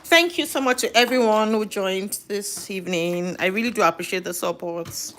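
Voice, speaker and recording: A woman's voice: medium pitch, moderate pace, fairly bright tone, slight background noise. A middle-aged woman chatting casually while cooking live at home, thinking aloud and correcting herself as she goes. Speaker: home cook and live streamer. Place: home kitchen.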